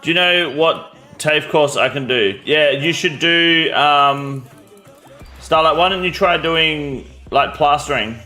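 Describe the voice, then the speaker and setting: A man's voice: on the high side, takes it slowly, bright, forceful tone, soft background music. An Australian man live-streaming a game, chatting bluntly and answering viewers' questions, swearing freely. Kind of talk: casual live-stream chat.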